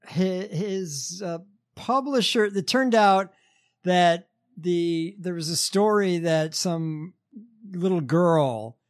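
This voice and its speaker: A man co-hosting a podcast, telling stories in a relaxed, sarcastic way with lots of fillers. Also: high-pitched, slow. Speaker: podcast co-host. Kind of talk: casual chat.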